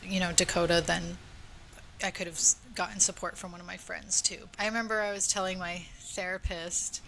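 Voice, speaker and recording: A woman's voice: fairly low pitch, flat delivery, fairly quick, vocal fry, bright, forceful tone, slight background noise, low-quality recording. A woman co-hosting a podcast in casual chat, open and laughing often. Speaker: podcast co-host.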